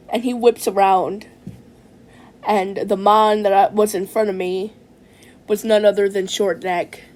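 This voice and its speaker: A woman telling a comic story in character, rambling with halting restarts and tacking "man" onto nearly every phrase in a mock-serious, droning delivery. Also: medium pitch, a little mellow. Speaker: comedic vlogger telling a story.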